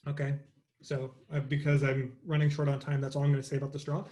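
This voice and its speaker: A man's voice: mid-range voice, completely flat delivery, fast talker, mellow, slight background noise. A man leading an interactive online voice lesson, talking casually with many fillers and demonstrating vocal sounds over a computer mic. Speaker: voice teacher.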